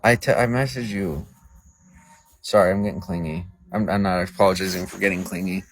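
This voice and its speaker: A man's voice: deep voice, fairly even intonation, a little fast, dry recording. A man on a livestream chatting casually with viewers, crude, profane and riled up.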